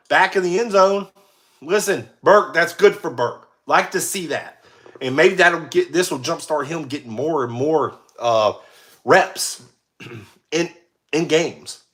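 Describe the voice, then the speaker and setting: A young American man giving casual play-by-play commentary, excitable, shouting on big plays and laughing at his own slips. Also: a little high. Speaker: amateur sports commentator.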